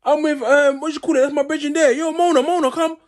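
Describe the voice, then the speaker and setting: A man putting on a squeaky, pleading lad. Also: steady tone, quick pace. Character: excitable young man pleading with police.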